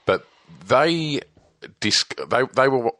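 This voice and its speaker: A man with a bright, lively voice tells a rambling anecdote from his band days. He swears freely and laughs through the telling, and his pitch swings widely as he gets worked up. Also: slow pace. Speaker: storyteller guest, former band member. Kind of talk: casual anecdote.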